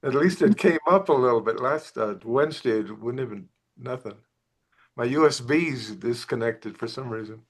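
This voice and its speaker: A man's voice: mid-range voice, moderate pace. A man on a video call chatting offhandedly about his camera trouble. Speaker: participant. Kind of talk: casual video-call chat.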